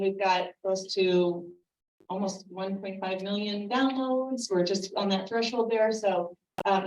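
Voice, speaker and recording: Woman talking to a parent audience, casual and chatty, lots of ums, echoey room, kinda far from the mic. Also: mid-range voice. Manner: friendly, chatty, with filler ums. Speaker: speaker at a parent presentation. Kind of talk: informal lecture. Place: meeting room with a live audience.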